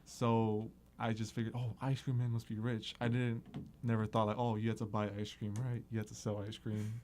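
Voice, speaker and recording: A young man on a college radio date show, talking casually and quickly in an easygoing way. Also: lowish voice, little pitch movement, darkish tone. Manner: easygoing, talks fast. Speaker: dating show guest. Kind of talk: casual chat.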